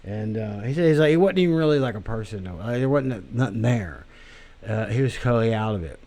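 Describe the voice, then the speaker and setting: A man's voice: lowish voice, expressive, brisk, mellow. Crude, rambling man on a monologue. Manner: crude, meandering, many fillers. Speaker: podcast host.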